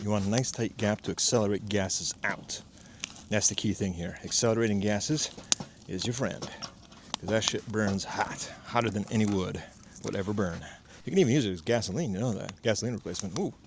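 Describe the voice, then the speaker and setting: A man's voice: lowish voice, slight background noise. Laid-back, cursing outdoor DIY guy. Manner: chatty, profane, self-mocking, explains as he works. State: has a cold. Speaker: DIY homestead vlogger. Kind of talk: casual outdoor tutorial vlog. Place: outdoors at a fire pit in a valley.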